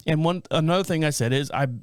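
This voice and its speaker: A middle-aged man hosts his podcast in a casual, rambling monologue. He circles back, restarts his sentences and leans on fillers. His voice sits a little high and sounds dry and close on the microphone. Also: normal speed, smooth, no echo. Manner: rambling, full of fillers and restarts, self-described scatterbrained. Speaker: podcast host.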